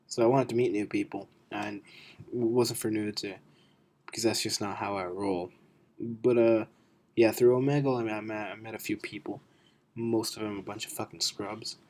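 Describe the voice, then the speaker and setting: Stuffy-nosed teen guy rambling, low voice. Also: slight background noise. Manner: rambling, self-mocking, swears a lot, keeps losing his thread. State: stuffy nose. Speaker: vlogger. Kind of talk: rambling storytime monologue. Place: cold bedroom at home. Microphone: built-in computer microphone.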